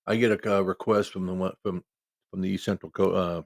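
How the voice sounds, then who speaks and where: Gravelly-voiced man telling a story. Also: sits low, level tone, brisk, no echo. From Iowa. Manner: folksy, conversational, quotes people in his own voice. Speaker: football referee. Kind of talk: casual spoken storytelling.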